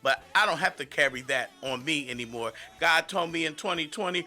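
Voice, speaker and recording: Bright-voiced fervent male radio preacher. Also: fairly high pitch, a little fast, hardly any pauses. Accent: American. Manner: emphatic, rising into fervent declarations. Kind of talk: radio sermon.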